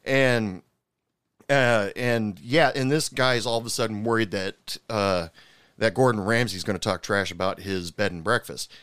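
A man's voice: fairly low pitch, normal speed, fairly bright tone, no room sound. A man ranting casually about a TV show, frank and profane, with lots of fillers and restarts. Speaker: viewer recapping a TV cooking show.

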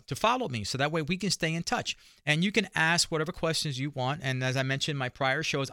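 Male radio host with an accent, encouraging and upbeat, bright and smooth-toned, dry studio sound. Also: mid-range voice, no echo. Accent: noticeable accent. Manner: upbeat, encouraging, repeats his appeals. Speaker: radio talk show host. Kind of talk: radio talk show monologue.

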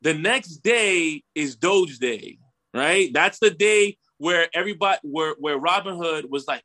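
A young man telling a story in casual chat, animated and slangy, swearing and tagging lines with "bro" and "right?". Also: fairly high pitch, unhurried.

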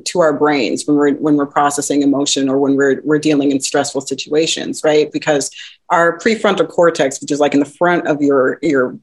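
A woman guest on a podcast, talking in a lively, animated way with frequent laughs and acted-out quotes. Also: low-pitched. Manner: animated, laughs often, acts out quoted voices. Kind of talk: casual interview talk.

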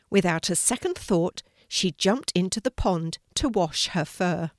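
A woman's voice: on the low side, dry recording, studio quality. Older woman reading a children's story.

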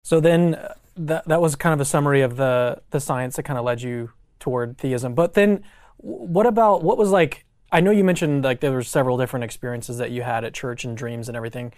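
A man of average pitch interviews his guest with curious, casual questions, padding them with fillers. His voice comes across dry and close. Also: fairly quick, a little mellow, no room sound. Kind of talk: conversational interview.

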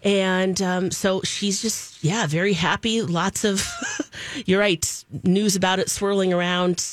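A woman's voice: mid-range voice, fairly even intonation, takes it slowly, no room sound. A woman co-hosting a radio show, giving entertainment news in an upbeat, chatty way. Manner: chatty, upbeat, frequent laughs. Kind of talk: casual radio show banter.

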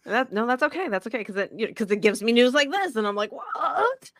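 A woman co-hosting a sports podcast, telling stories in an animated, profane way with lots of restarts. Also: medium pitch, racing, no echo, clean studio sound. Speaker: podcast co-host. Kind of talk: casual sports chat.

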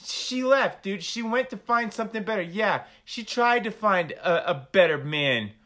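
A man's voice: high-pitched, animated, moderate pace, pushed and bright. A man co-hosting a casual reality-TV recap podcast, ranting profanely and laughing often. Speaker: podcast co-host.

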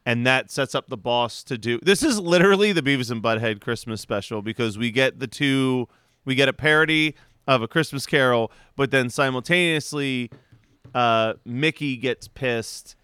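A man with a bright, crisp voice chats on a podcast, recounting a cartoon plot with lively energy. He swears freely and jumps into the characters' lines. The sound is close and dry, with no room around it. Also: mid-range voice, moderate pace, no room sound. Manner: animated, swears, acts out characters in quotes. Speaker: podcast co-host. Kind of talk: casual podcast chat.

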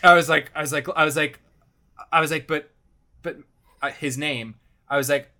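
A man telling a casual anecdote in an animated, rambling way, swearing often and repeating "I'm like". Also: on the high side, moderate pace. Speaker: storyteller.

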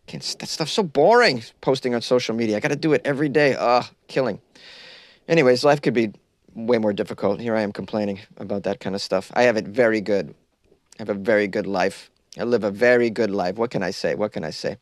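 A man's voice: medium pitch, a little fast, no echo, clean studio sound. A young man hosting a comedy podcast from a closet, rambling loosely and mocking himself while caffeinated and stoned.

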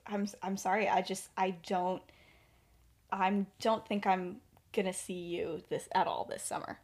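A woman's voice: mid-range voice, little pitch movement, unhurried, a little mellow. A woman reading the lines of an anxious teenage boy wizard in her own voice, hesitant and trailing off. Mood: subdued.

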